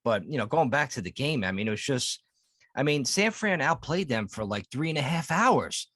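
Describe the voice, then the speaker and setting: A man's voice: medium pitch, big pitch swings, normal speed, fairly bright tone, no echo. A man co-hosting a sports podcast, rambling and swearing in casual chat. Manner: rambling, profane, with filler restarts. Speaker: podcast co-host.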